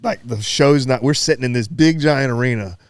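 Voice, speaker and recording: A man's voice: mid-range voice, normal speed, clear, resonant tone, dry recording. A man hosting a podcast, chatting casually and chiming in with short agreeing remarks. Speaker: podcast host. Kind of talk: casual chat.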